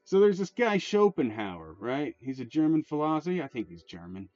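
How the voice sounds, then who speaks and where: A man's voice: fairly high pitch, very animated, moderate pace, a little mellow, no room sound. A man hosting his channel, rambling and swearing in casual commentary, restarting often and leaning on fillers. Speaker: channel host. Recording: dull lo-fi sound, dry, faint music.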